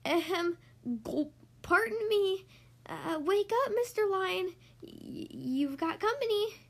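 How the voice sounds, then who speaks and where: A woman voicing a small, timid male mouse who stammers and squeaks nervously. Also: expressive, takes it slowly, gravelly, exaggerated voice.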